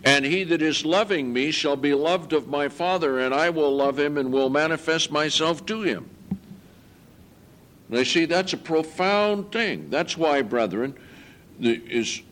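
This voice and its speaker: Earnest preacher man, emphatic sermon. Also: a bit bright. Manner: earnest, emphatic, rising in pitch on key points; slow, deliberate scripture reading.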